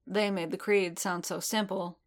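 A woman voicing a reserved, earnest adult male warrior who talks haltingly. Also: mid-range voice, steady tone, natural voice. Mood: hesitant.

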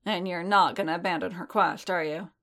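Guarded warrior man, clipped and direct, lowish voice, read by a woman. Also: fairly even intonation, brisk, a bit bright. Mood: earnest. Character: blunt, guarded adult male warrior.

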